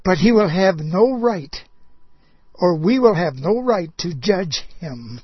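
A man preaching a sermon, impassioned, swinging between loud outbursts and soft low asides. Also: animated, slow pace, slightly rough, no echo, muffled recording.

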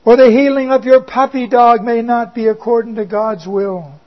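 A man preaching a sermon in a slow, emphatic way, with dry asides. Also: extremely high pitch, steady tone. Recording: dull lo-fi recording.

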